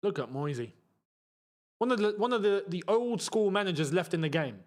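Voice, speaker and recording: Male streamer, fairly high voice, loose live football commentary with exasperated repeats. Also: very animated, normal speed. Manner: frustrated outbursts, repeats himself. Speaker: football watchalong host. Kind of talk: live casual commentary while reading chat.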